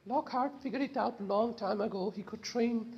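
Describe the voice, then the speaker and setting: A woman's voice: fairly high pitch, moderate pace, muffled recording, voice pushed down, lightly acted. A woman reading a story game aloud, voicing a guilty young traitor who earnestly explains herself.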